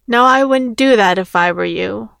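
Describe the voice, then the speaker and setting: A woman reading a calmly menacing big man. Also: mid-range voice, normal speed, gravelly, no echo, studio quality. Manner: calm threatening. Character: calm firm large man who appears as a guardian.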